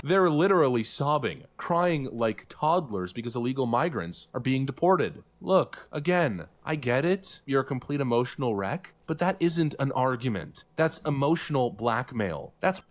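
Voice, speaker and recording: A man's voice: medium pitch, animated, normal speed, few pauses. A man delivering scripted political commentary in a contemptuous, sarcastic, declamatory tone.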